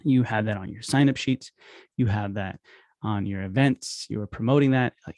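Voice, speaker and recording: A man in a casual instructional talk who acts out phone calls with quick voice shifts. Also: fairly low pitch, a little mellow, dry recording. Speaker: podcast host teaching dental marketing.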